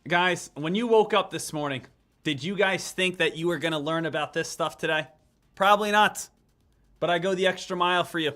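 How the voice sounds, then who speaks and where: A man hosts a live stock trading stream, chatting casually and repeating each ticker call again and again. His voice sits high, pushed and bright, and he talks a little fast.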